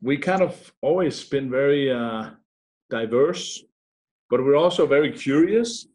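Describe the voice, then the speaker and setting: A man's voice: mid-range voice, measured pace. A middle-aged man from Denmark with a Danish accent, a podcast guest telling stories in a casual interview, joking at his own expense and restarting often. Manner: animated storyteller, self-mocking, frequent fillers and restarts. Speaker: podcast guest, security professional.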